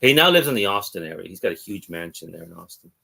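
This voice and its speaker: A man's voice: sits low, sing-song, fast talker, vocal fry, pushed and bright. A man from Texas, chatting as a guest on a livestream and rambling through stories. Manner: rambling, storytelling. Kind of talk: casual chat.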